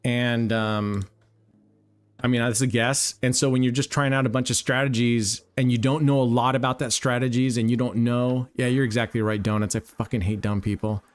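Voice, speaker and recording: A man's voice: medium pitch, steady tone, normal speed. A man hosting a casual live stream, telling stories bluntly with heavy swearing, rambling through fillers and restarts. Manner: blunt, heavily profane storytelling. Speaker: roulette livestream host.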